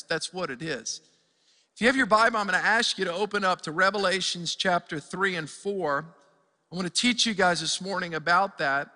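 A man's voice: sits high, long reverb tail. A man preaching a sermon as pastor, talking energetically with frequent restarts, recorded in a church sanctuary on a stage microphone. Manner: energetic storytelling with many restarts.

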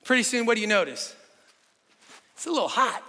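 High-voiced preacher in an echoing hall. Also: male voice, fairly quick. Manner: animated storytelling with rhetorical questions. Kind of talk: sermon.

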